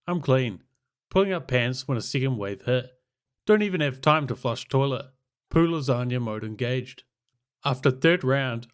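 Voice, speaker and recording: A man narrating a crude comic story in terse, deadpan, clipped fragments, reading from a script. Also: medium pitch.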